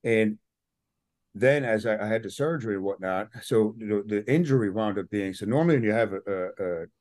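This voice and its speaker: Low-voiced man telling a story. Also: brisk, no room sound, clean studio sound. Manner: animated storyteller, acts out quotes. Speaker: podcast guest. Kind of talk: casual interview storytelling.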